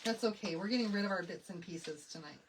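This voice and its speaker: A woman with a Michigan accent talks her viewers through a craft project, thinking aloud and breaking into laughs. Her voice sits at an ordinary pitch and sounds a little distant from the microphone, with a faint hiss of background noise. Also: fast talker. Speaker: craft vlogger. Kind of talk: casual chat while crafting.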